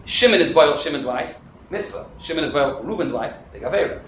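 High, rapid-fire male class teacher. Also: reverberant, slight background noise, poor audio. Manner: animated and quick, fields questions, drops in Hebrew and Yiddish terms. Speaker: teacher leading a Talmud class. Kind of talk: interactive class lecture.

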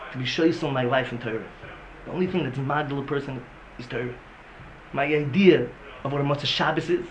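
A middle-aged man from the United States giving a religious lecture to a room of listeners, swinging from loud emphatic bursts to low, intimate talk. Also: slight background noise, rough recording. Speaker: religious teacher.

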